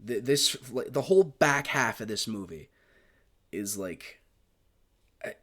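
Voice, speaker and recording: A man's voice: mid-range voice, expressive, slow pace, a bit bright. Gushing, rambling man reviewing a film. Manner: gushing, rambling, swears freely. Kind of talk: casual film review monologue.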